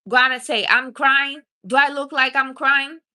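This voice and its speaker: Bright-voiced woman giving blunt advice. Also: high voice, steady tone, fairly quick. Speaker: livestream host. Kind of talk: casual livestream chat.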